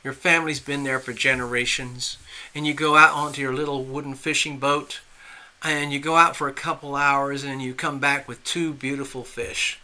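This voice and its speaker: A man's voice: medium pitch, flat delivery, moderate pace, bright, forceful tone. A man doing tarot readings on a live stream, telling a story in a chatty, rambling way with restarts and asides. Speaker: tarot reader.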